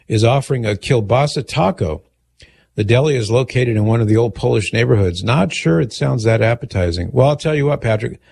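Low-voiced male talk radio host. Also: gravelly, darkish tone, slightly rough. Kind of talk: call-in radio talk, reading listener emails.

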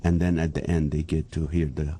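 A man from the Middle East, a native Arabic speaker, chatting as a guest comedian, animated and joking. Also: a bass voice, fairly quick, a little hiss or hum. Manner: animated, joking, laughs often. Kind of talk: casual chat.

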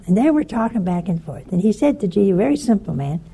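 A woman's voice: medium pitch, fast talker, gravelly, breathy edge. An older woman giving a sermon-style talk, telling stories with animation and voicing the people in them. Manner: animated storyteller, voices the people in her stories. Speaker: religious speaker.

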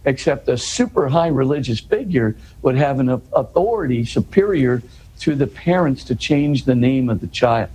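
An earnest man explains scripture in an interview, his voice warm and mellow at an ordinary pitch. He loops back over words, checks in with "you know" and "right?", and lifts into emphatic questions. A faint background hum sits under his voice. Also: expressive, moderate pace, poor audio. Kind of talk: explanatory conversation.

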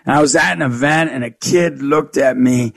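Gravelly man telling a story. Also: mid-range voice, normal speed, no echo. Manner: animated, acts out dialogue. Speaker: guest speaker. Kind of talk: storytelling interview talk.

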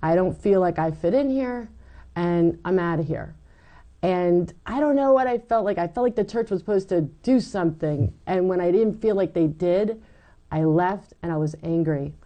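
A middle-aged woman giving her personal testimony in an interview, animated and acting out what people said. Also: lowish voice, moderate pace, muffled recording. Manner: animated storytelling, acts out quoted lines. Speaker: guest telling her faith story.

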